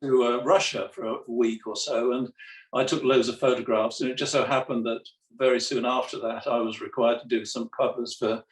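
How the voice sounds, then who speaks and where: A man's voice: mid-range voice, level tone, a little fast. An older man speaking mildly and hesitantly as an interview guest over a video call, often repeating words. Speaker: comics artist guest. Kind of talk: casual interview chat. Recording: roomy, distant video call audio.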